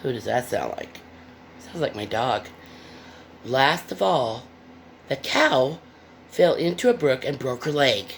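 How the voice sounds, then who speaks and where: A woman's voice: very deep voice, slow, creaky, pauses often, slight background noise. A woman reading a picture book aloud with playful, chatty asides to young listeners. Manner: playful, expressive.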